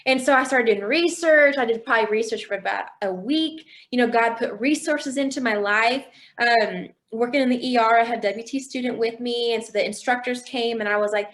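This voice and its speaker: Woman, young adult, expressive storytelling, faith testimony, fairly high voice. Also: moderate pace. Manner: expressive storyteller, acts out quoted dialogue. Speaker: interview guest.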